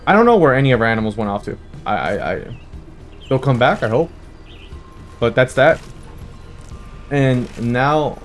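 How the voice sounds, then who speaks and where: A young American man hosting a casual let's-play, telling rambling, animated stories with laughs and swearing. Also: mid-range voice, unhurried, pauses often, faint music behind. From United States. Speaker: gaming channel host.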